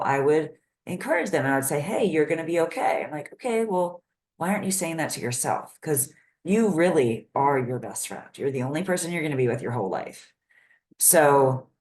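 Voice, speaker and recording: A woman therapist giving an educational talk to parents, speaking in a direct, lively and conversational way. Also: deep voice.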